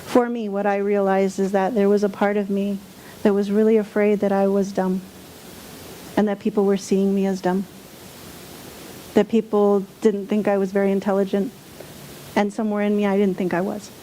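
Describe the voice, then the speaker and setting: A woman's voice: mid-range voice, flat delivery, normal speed, pauses often, warm tone, a little hiss or hum. A woman giving a sermon as a spiritual speaker, candid and self-deprecating, sometimes mocking her own angry outbursts.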